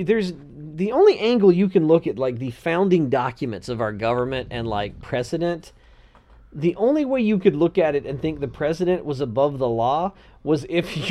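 A man's voice: a little high, normal speed. Laughing, rambling podcast guy. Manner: rambling, laughs often, loud bursts of excitement. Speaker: podcast co-host. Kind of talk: casual chat.

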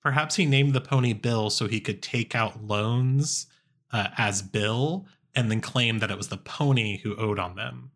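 A man hosting a podcast, asking questions in a halting way with many fillers. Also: fairly low pitch, a bit bright. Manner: halting, searching for words. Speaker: podcast host. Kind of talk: casual podcast interview.

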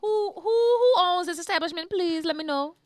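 A woman's voice: very high-pitched, normal speed. A young woman from New Orleans co-hosting a podcast, chatting casually with lots of laughter and playful banter. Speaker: podcast co-host. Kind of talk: casual chat.

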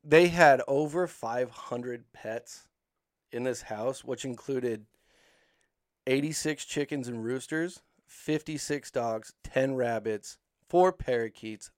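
A man's voice: mid-range voice, slow, no room sound, studio quality. A man in casual chat with friends, telling animal stories in a rambling, profane way with lots of filler words.

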